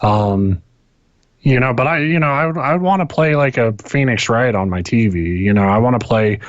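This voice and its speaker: Co-hosting a podcast over an internet call, a man rambles casually about video games, swearing often and restarting his sentences. His medium-pitched voice has lively intonation and a moderate pace. The recording is muffled, with no room sound.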